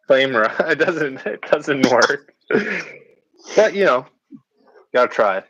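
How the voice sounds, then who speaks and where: A man's voice: medium pitch, animated, slow, fairly bright tone, slightly rough, muffled recording. A man chatting casually on his pottery stream, joking and laughing often as he rambles along. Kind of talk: casual chat while doing pottery. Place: home pottery space.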